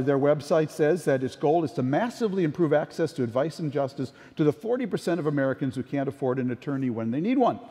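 Speaking conversationally and telling anecdotes, an older keynote speaker addresses a conference with a warm, somewhat high voice. His words echo with the long reverb of a big conference hall.

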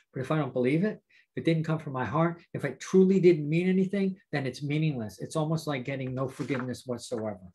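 A pastor with a raspy, somewhat high-pitched voice teaches a Bible study to viewers. He talks directly to them, stressing points with rhetorical questions. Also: fast. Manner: warm, direct address to viewers.

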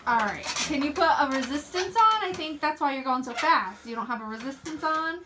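Very high-voiced wife egging her husband on, teasing, clear background noise at home. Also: lively intonation, fairly quick. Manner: coaxing, teasing encourager. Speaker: vlogger's wife. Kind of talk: casual family vlog banter.

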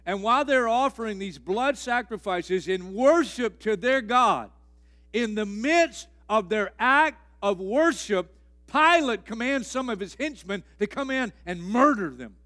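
Emphatic high-voiced pastor preaching. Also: male voice, lively intonation, measured pace. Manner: emphatic, repeating key phrases, swings between loud and hushed. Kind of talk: sermon. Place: church sanctuary.

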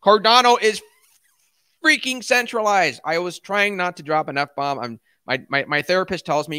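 A man's voice: high-pitched, moderate pace, bright, forceful tone, smooth, no echo, studio quality. A young man hosting a casual crypto livestream, chatting with viewers as man and dude, swearing and flaring into rants. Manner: swears, flares into ranting outbursts; laid-back, calls viewers man and dude.

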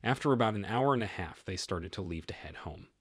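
A man's voice: lowish voice, expressive, a little fast, husky, no room sound, clean studio sound. A man narrating a first-person story in a plain, matter-of-fact way.

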